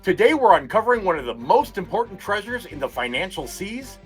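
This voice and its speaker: A man hosting a pirate-themed finance talk show, playful and quick to react. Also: high-pitched, soft background music. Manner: playful, lively, reacts with disbelief. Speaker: host.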